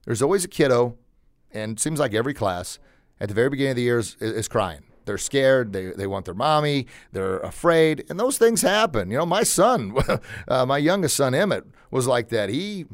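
A man's voice: medium pitch, big pitch swings, moderate pace, dry recording. A man hosting a show, giving a motivational talk in an emphatic coaching tone and repeating phrases for emphasis. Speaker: podcast host.

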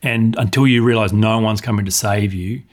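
A man's voice: fairly low pitch, moderate pace. A man, a coach and author, telling stories bluntly and animatedly in a podcast interview. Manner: blunt, animated retelling with acted dialogue.

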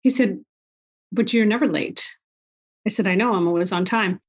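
A woman's voice: medium pitch, moderate pace, slightly rough. A woman in her forties speaks in an interview, telling her story with quoted back-and-forth dialogue. She sounds emotional. The recording is a bit dull and lo-fi. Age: 40s. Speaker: guest. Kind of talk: conversational interview.

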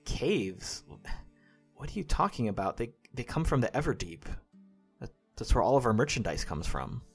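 A wounded woman captain, voiced by a man, speaks low and softly, her apologies halting and subdued. Faint music sits in the background. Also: steady tone. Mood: confused.

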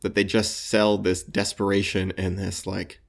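A man with a slight New England accent, co-hosting a casual comic book podcast, eager and quick to laugh. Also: low-pitched, little pitch movement, gravelly. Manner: enthusiastic, laughs often, repeats words. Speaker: podcast co-host.

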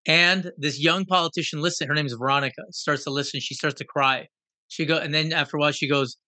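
A man telling a story in a conversation, animated and fond of rhetorical questions. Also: a little high, quick pace, no echo. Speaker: guest.

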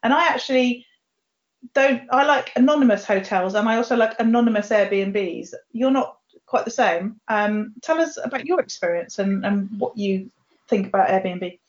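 Woman podcast host, chatty and self-deprecating; a touch high, muffled recording. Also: normal speed. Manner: chatty, self-mocking, laughs often. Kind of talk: casual chat. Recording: dull lo-fi audio.

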